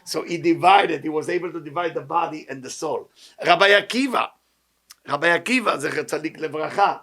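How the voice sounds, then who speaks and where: A man teaching a Torah class, asking rhetorical questions and switching between English and quick Hebrew readings. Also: a little high, gravelly, bright, forceful tone. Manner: rhetorical questions, self-mocking asides. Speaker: Kabbalah teacher.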